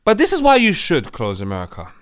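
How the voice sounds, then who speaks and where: A man's voice: on the high side, wildly swooping pitch, fast talker, a bit bright. A man hosting a podcast, commenting bluntly and mockingly on online clips. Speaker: podcast host.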